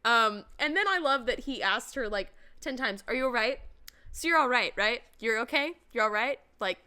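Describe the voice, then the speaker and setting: Bright, lively woman gushing over a book. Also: fairly high pitch, normal speed, clear, resonant tone. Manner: animated, gushing, swears. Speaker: podcast co-host. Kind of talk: casual book chat.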